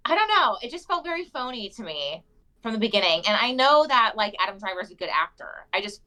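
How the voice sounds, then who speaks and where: A woman's voice: fairly high pitch, big pitch swings, quick pace, sharp tone, poor audio. A young woman co-hosting a casual podcast, chatty and opinionated, often laughing as she talks. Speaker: podcast co-host.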